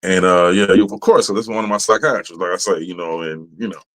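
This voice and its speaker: A man hosting a podcast in a casual, profane, animated monologue, laughing often and jumping high in pitch when he rants. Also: fast talker. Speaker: podcast host.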